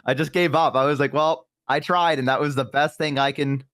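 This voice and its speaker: A young man with a Southern drawl talks through loose, rambling stories in a fairly high voice. The sound is close and dry, with no room around it. He jumps into squeaky quoted voices now and then. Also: fairly even intonation, brisk, a bit bright, dry recording. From American South. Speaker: stream co-host. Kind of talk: casual chat, storytelling.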